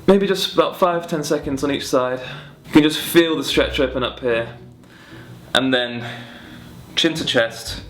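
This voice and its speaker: A young man teaching a singing warm-up lesson in a relaxed, friendly, chatty way, talking through stretches and vocal exercises. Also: medium pitch, a little slow, pauses often. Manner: relaxed, friendly and chatty, demonstrating hums and sung syllables. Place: home music room with guitars on the walls.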